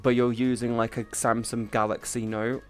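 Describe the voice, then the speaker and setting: A livestreamer chats casually at a middling pitch, quick to swear and often tripping over and restarting sentences. Faint music plays underneath. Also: level tone, darkish tone, smooth. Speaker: streamer.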